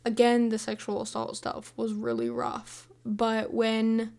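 A woman of about eighteen chatting casually about a movie, scattered and excitable, rambling from thought to thought. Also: a little high, measured pace. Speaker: movie reviewer. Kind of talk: casual chat.

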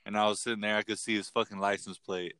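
Casual young man spinning a cussing anecdote, crisp clear voice. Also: lowish voice, fast talker. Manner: profane, rambling, animated storyteller. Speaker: podcast co-host. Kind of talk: casual storytelling chat.

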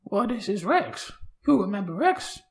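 A man puts on a doting wife who sweet-talks her confused husband, giggling all the while. The voice sits high and swoops wildly, with a bright, fry-tinged edge. It is an improvised comedy scene. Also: sing-song, measured pace, heavily acted. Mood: soothing. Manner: giggly, breaking into laughter. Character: sweet doting wife, woman, middle-aged.

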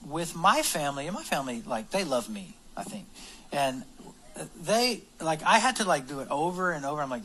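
A man's voice: a little high, sing-song, a little fast, sharp tone, a little hiss or hum, rough recording. A man preaching a casual, conversational sermon, acting out quoted lines in little voices. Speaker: pastor.

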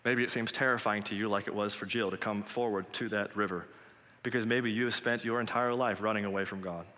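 A man's voice: fairly low pitch, steady tone, a little fast, bright, forceful tone, long reverb tail. A man preaching a sermon in an earnest, direct and conversational way, speaking straight to his listeners.

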